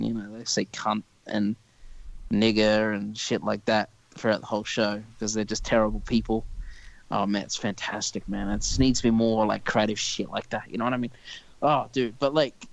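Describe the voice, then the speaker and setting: Young man, gravelly voice, profane, opinionated rant, casual podcast chat. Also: on the low side, little pitch movement, brisk, dry recording, rough recording. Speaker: podcast co-host.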